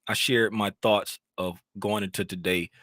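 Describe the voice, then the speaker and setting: Venting during a casual live stream, a trading educator rambles with animation and keeps repeating phrases. He speaks at a normal rate in a lowish voice, recorded with no room sound.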